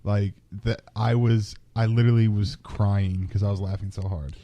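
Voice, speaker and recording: A man's voice: lowish voice, steady tone, moderate pace, lo-fi sound. A man hosting a casual podcast chat, giving short reactions and laughing along.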